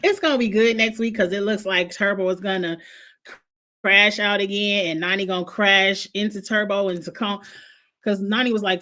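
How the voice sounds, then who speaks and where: A woman's voice: medium pitch, measured pace, pauses often, fairly bright tone. Blunt, opinionated woman host. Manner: blunt, opinionated, swears freely. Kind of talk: casual reality TV recap.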